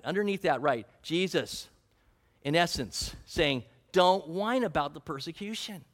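Pastor, man, high pitch, earnest sermon delivery full of scripture quotes. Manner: earnest preaching, quoting scripture, asking the congregation questions.

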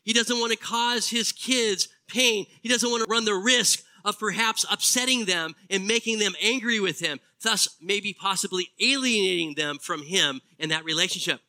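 A middle-aged male pastor preaching a sermon earnestly, slowing down to stress key phrases. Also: sits high, sharp tone, poor audio.

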